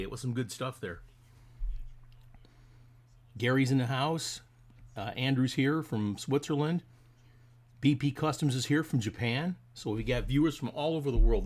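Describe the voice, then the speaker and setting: A man's voice: medium pitch, a little mellow. A middle-aged man hosting a casual live stream, rambling in a friendly way and greeting his viewers by name.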